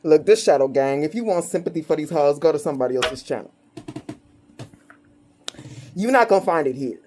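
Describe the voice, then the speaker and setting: A woman's voice: sits low, lively intonation, fairly quick, mellow, a little hiss or hum. A woman doing a casual tarot reading, blunt and profane, often breaking into laughter as she mocks her subjects. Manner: blunt, profane and gleefully mocking; laughs often between phrases. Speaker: tarot reader.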